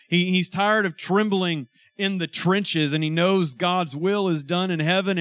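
A pastor preaches in a loose, conversational way, breaking into emphatic bursts. His voice sits a little high for a man. The sound is dry and close, with no room echo. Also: a bit bright. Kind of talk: sermon.

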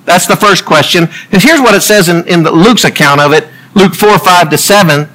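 A man's voice: sits high, moderate pace, a bit bright, poor audio. A man preaching a humorous sermon, full of jokey asides and laughter.

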